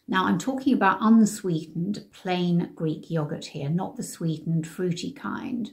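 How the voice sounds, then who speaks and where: A woman, sharing diet tips in a chatty, emphatic way as a lifestyle vlogger. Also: fairly low pitch. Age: 60s. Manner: warm, conversational, emphatic.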